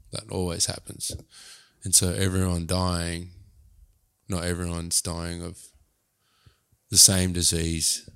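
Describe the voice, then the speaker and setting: A man in a casual podcast chat, rambling and laughing loudly. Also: sits low, creaky.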